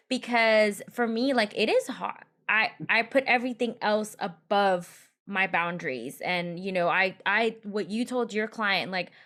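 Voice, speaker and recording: A woman hosting a podcast in relaxed conversation, laughing often and thinking aloud. Her voice sits at an ordinary middle pitch. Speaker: podcast host. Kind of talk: casual chat.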